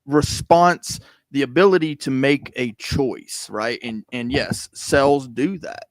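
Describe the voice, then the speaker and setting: A man in a loose podcast group debate who talks haltingly and searches for words. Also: mid-range voice, dry recording.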